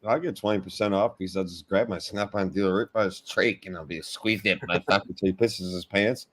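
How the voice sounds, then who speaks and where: A man's voice: low-pitched, a little fast. Profane storytelling man. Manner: profane, animated, acts out voices in anecdotes. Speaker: host, shop worker. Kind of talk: casual chat, storytelling.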